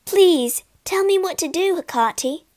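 A woman reading a storybook aloud, voicing an anxious young princess who is secretly in love, in a high, earnest, pleading voice. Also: expressive, unhurried, a little mellow.

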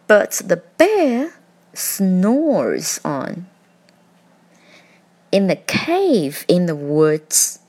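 Woman storyteller, picture book read-aloud, rhythmic, expressive, very slow, wide-ranging pitch.

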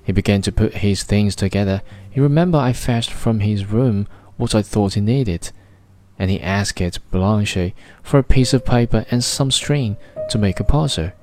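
Brief: male narrator doing a little round man, distraught and gasping, lowish voice. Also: moderate pace, darkish tone, natural voice. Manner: gasping, pleading.

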